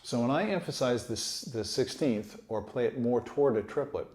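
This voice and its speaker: Mellow-voiced man teaching trumpet. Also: medium pitch, normal speed. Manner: easygoing, encouraging, sings rhythms aloud. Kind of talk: relaxed instructional talk. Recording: echoey room.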